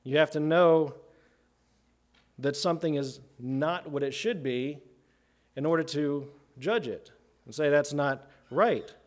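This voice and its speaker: A man's voice: on the high side, takes it slowly, pauses often. Man preaching a sermon, asks "right?". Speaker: pastor. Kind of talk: expository sermon.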